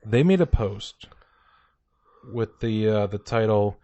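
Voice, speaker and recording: A man's voice: lowish voice, animated, slow pace, mellow, no room sound. A man co-hosting a comedy news podcast, chatting casually and jokingly, often mimicking what others say. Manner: joking, quotes people in mock voices. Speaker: podcast co-host.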